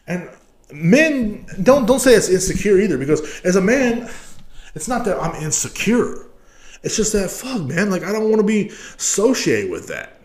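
A man's voice: high-pitched, very animated, moderate pace, a little mellow. A young man hosting his own podcast, ranting in a crude, rambling and profane way. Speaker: podcast host. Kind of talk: casual rant.

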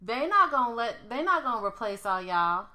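A woman's voice: on the high side, big pitch swings, moderate pace, pushed and bright. A woman co-hosting a casual podcast, giving blunt, emphatic opinions. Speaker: podcast co-host. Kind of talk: casual chat.

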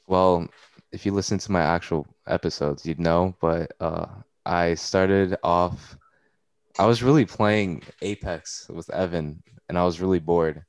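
A man's voice: deep voice, measured pace, dry recording. A young man hosting a podcast, talking loosely with lots of slang and swearing. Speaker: podcast host. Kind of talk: casual chat. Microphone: computer mic.

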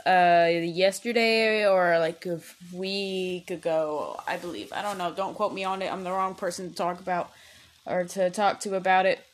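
A young woman hosting her own podcast, rambling casually with lots of fillers, restarts and swearing. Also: lowish voice. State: headache, distracted while playing a game. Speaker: podcast host. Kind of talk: casual chat.

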